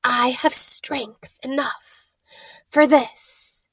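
A chilling, high-pitched dark lord who hisses his words out slowly and with menace, put on by a woman reading a storybook. His voice sounds thin and otherworldly, drawn out with cold patience before it rises into shrieks. The recording is close and dry. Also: fairly even intonation, breathy edge, dry recording, heavily acted, rough recording. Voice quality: high, hissing, slow and menacing. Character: evil male dark lord, a face on a head.

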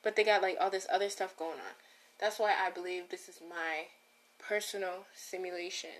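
A woman's voice: on the low side, steady tone, moderate pace. Woman rambling on her own podcast, keeps cutting herself off, chatty, talks right to the listeners. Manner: rambling, self-interrupting, talks straight to listeners. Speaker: podcast host. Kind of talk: casual solo podcast monologue.

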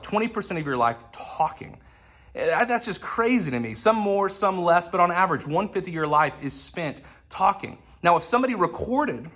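Husky-voiced man preaching a sermon. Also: on the high side, pushed and bright. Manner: conversational, earnest, lightly humorous. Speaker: pastor.

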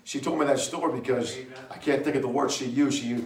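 A man preaching a sermon to a congregation, telling a story with laughter and sudden shouted bursts. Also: mid-range voice, a little fast. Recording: echoey room, mic far from speaker.

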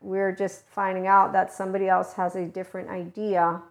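A woman giving a casual, rambling spiritual teaching monologue as a guidance channeler, talking conversationally with soft laughs. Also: medium pitch, completely flat delivery, normal speed.

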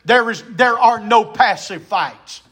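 A man preaching a fervent sermon, building to shouted emphasis and punctuating with "amen". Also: high-pitched, slow pace, slightly rough. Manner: fervent, repeats phrases.

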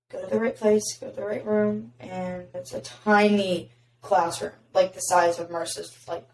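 A raspy young woman hosting a casual podcast chat, her speech dotted with constant "like"s. She sounds a little away from the mic, in a room with audible echo. Faint background hiss sits underneath. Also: medium pitch, darkish tone. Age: young adult. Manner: chatty, heavy filler "like". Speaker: podcast host. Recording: roomy, distant mic.

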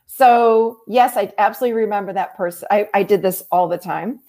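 A middle-aged woman therapist explaining her ideas in an interview, animated and explanatory, often acting out what people say. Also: medium pitch. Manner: animated, explanatory, acts out quotes. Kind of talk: conversational interview.

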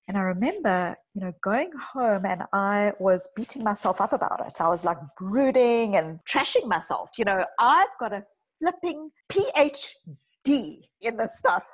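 A woman psychologist talking on a podcast, her voice breathy and a little husky. She speaks in earnest, stacking up emphatic lists as she tells personal stories. Her pitch sits in an ordinary middle range. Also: animated, normal speed, low-quality recording. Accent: South African. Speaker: psychologist guest. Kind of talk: podcast conversation.

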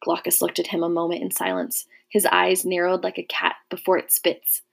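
A woman narrating a historical novel in a measured, even storytelling manner. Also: lowish voice, creaky, slightly rough.

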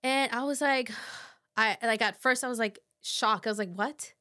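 A woman in her thirties, a podcast guest, telling a personal story in a halting, soft way with many fillers. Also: on the high side. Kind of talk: casual conversation.

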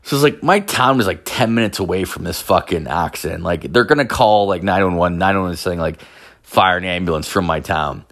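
A man's voice: low-pitched, brisk, fairly bright tone. A man telling a rambling, profane personal story in a casual monologue, swearing constantly and acting out the voices he quotes.

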